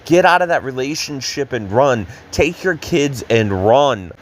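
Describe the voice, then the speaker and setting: Emphatic man co-host, mid-pitched. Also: animated, measured pace, slight background noise. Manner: emphatic, repeats his points. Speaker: co-host reacting to online posts. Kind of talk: casual reaction commentary.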